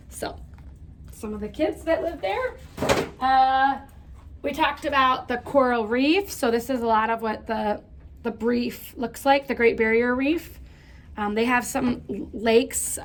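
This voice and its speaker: A woman giving a casual lesson to children, chatty with lots of fillers and asides. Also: on the high side. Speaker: teacher. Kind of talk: casual classroom lesson for kids.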